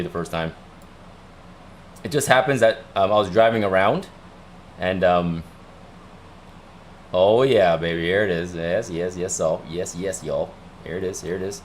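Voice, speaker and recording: A man's voice: low-pitched, a little hiss or hum. A young man casually telling a rambling story to his livestream viewers, repeating himself as he goes. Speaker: livestream host.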